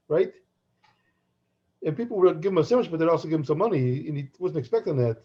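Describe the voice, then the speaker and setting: A man's voice: a little high, expressive, quick pace, husky. A middle-aged man co-hosting a podcast, telling rambling anecdotes full of restarts and laughs. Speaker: podcast co-host. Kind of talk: casual chat, storytelling. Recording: dull lo-fi sound.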